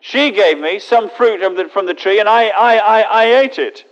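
A man's voice: sits high, normal speed, dull audio, pitched above the performer's own voice, natural voice. A man reading the part of the first man, frightened and guilty, stammering as he answers, in a sermon. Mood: fearful.

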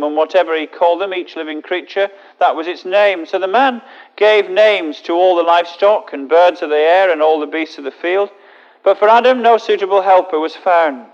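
A man preaching a sermon, reading scripture aloud with relaxed, chatty asides to his listeners. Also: a little high, big-room sound, highs cut off.

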